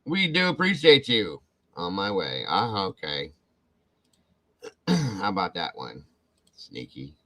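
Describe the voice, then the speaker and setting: A man's voice: low-pitched, very animated, slow pace, long pauses, rough recording. A man hosting a casual livestream, greeting viewers by name and thanking them effusively. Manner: warm, effusive, calls out viewer names. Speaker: livestream host.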